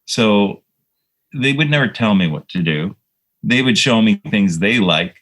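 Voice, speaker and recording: This composer guest, a man, tells reflective, rambling stories full of fillers during a casual interview. His voice is lowish and fairly bright, with lively intonation and an unhurried pace, though the recording is rough.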